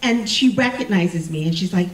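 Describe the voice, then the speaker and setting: A woman tells a personal story with a lively, swooping voice, mocking herself and playing the people she quotes. She sounds roomy and a little far from the mic, with faint ambience behind her. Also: on the low side, normal speed. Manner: animated, self-mocking, acts out quoted voices.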